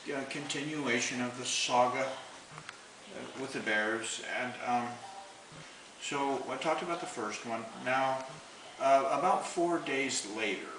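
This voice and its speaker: A man telling a long story in a rambling, folksy way, chuckling as he goes. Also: mid-range voice. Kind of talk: casual spoken storytelling. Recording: roomy, distant, noisy home recording.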